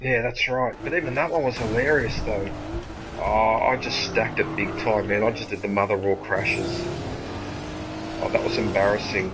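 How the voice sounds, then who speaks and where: A man with an Australian accent chatting casually while he plays a racing game, swearing freely and reacting out loud to the race. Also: lowish voice, fairly even intonation, moderate pace, creaky. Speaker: gaming channel host. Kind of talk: casual gameplay chat. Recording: noisy game audio behind.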